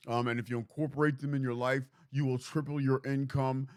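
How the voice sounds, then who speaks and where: A man's voice: medium pitch, flat delivery, brisk, clean tone. A man co-hosting a comedy podcast in a studio, playful and rambling, often repeating words as he builds a bit. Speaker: podcast co-host. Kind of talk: casual comedic chat.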